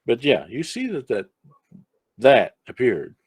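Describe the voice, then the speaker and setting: A man's voice: medium pitch, wildly swooping pitch, measured pace, husky, dry recording. A man as game master, narrating a tabletop game in an easygoing, chatty way. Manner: easygoing, chatty, breaks off to talk to a pet.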